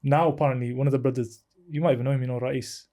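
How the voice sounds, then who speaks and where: A man in his thirties, a podcast guest telling a long anecdote in a casual, animated way, laughing often. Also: mid-range voice, very fast. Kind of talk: casual storytelling.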